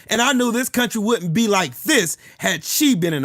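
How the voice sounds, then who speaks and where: Angry live-stream host, man, high voice, profane shouting rant at chat. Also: expressive, moderate pace, few pauses. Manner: furious, profane, shouting at commenters.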